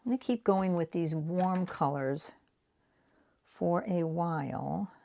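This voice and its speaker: A warm, creaky voice with fairly low pitch belongs to a Boston woman in her sixties who speaks slowly. She's an art vlogger making prints, chatting in a rambling, self-deprecating way as she paints.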